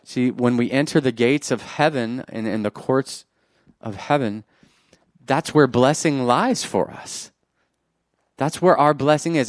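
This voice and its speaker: A man preaching a sermon, animated and joking with the congregation, swinging from loud bursts to quiet asides. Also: medium pitch, no echo. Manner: jokes with the congregation.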